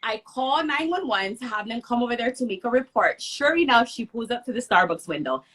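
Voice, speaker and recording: A woman from Hawaii, a guest telling a personal story in an animated, emphatic conversational way. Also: fairly high pitch, fairly quick. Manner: emphatic, acts out others' lines in the story.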